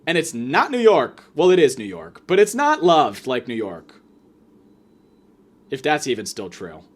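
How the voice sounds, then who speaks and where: Animated, profane young man ranting. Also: medium pitch. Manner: animated, profane, sarcastic storytelling with quick asides. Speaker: podcast host. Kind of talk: comedic storytelling rant.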